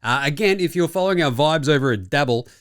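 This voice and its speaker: A man's voice: on the high side, expressive, fast talker, clean tone. A young Australian man hosting a casual sports chat show, jokey, rambling and full of swearing. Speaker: podcast host.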